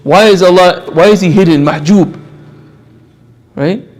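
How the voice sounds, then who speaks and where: Young male lecturer, fairly high voice, emphatic preaching style, drops into quiet asides. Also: unhurried. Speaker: Islamic lecturer. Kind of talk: religious lecture to a live audience.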